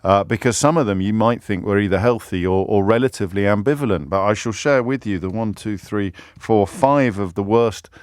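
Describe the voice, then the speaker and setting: A man's voice: on the low side, fairly quick, hardly any pauses, no echo. A man hosting a radio phone-in from a studio, talking in a chatty, self-mocking way with frequent restarts and repeated words. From Britain. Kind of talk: talk radio monologue. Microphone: studio microphone.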